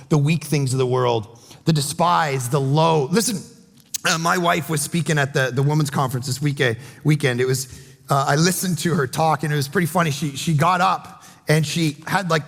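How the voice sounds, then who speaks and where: A man preaching a sermon as pastor, telling stories with animated delivery and acting out other people's lines. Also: a little high, normal speed, vocal fry. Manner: storytelling, animated, acts out quotes. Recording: long hall reverb.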